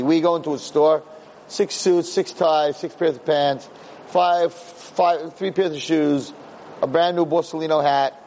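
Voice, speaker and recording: A man giving a lively Torah lecture as a rabbi, acting out quotes in a storyteller's manner and building to excited peaks. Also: a little high, a little hiss or hum, low-quality recording.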